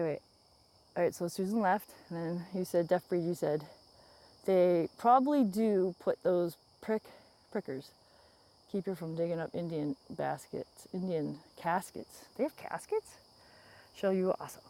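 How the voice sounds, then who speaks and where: A woman's voice: lowish voice, warm tone. A woman from the United States hosting a rambling, casual livestream outdoors, reading viewer comments aloud and laughing often, speaking into an earbud mic. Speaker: livestream host. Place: outdoors in the woods. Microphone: phone earbud used as microphone.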